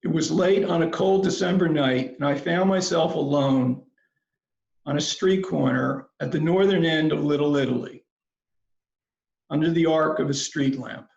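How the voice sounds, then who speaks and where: A man giving a commencement address, telling a story in a slow, measured, reflective way. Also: on the high side, creaky, a little mellow. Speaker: commencement speaker. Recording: roomy, slightly dull recording.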